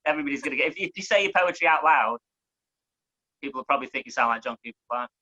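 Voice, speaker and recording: A man with a Mancunian accent, performing fast, punchy poetry full of swearing and wordplay, then chatting casually as a guest. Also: mid-range voice, animated, sharp tone, muffled recording. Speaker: guest poet.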